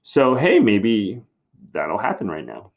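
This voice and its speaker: A man's voice: fairly low pitch, huge pitch swings, slow pace, creaky, lo-fi sound. A male teacher giving a recorded literature lesson, talking casually with wry asides.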